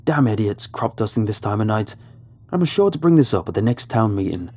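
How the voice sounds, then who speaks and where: A man voicing a grumpy middle-aged father with a Midwestern accent, speaking in a gruff, snappish way, in a storytelling narration. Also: fairly low pitch, big pitch swings, a little fast, a little mellow. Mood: irritated.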